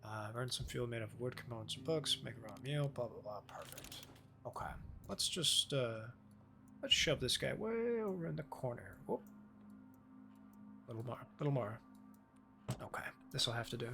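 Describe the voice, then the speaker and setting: Over music, a man with an expressive, creaky mid-range voice talks at normal speed, leaving long pauses. He's live streaming gameplay, casually rambling to viewers and teasing himself.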